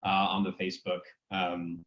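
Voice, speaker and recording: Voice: deep voice, level tone, moderate pace. Easygoing voice on muffled call audio. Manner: brief, easygoing interjections. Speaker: participant. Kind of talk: casual chat. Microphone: video call.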